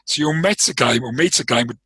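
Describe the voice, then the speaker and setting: A man's voice: medium pitch, fairly quick, sharp tone, husky, no room sound, rough recording. A man with a London accent, a trading coach explaining his ideas in an interview, thoughtful and prone to restarting his sentences. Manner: thoughtful, explanatory, with frequent restarts and repeated words. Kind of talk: interview conversation.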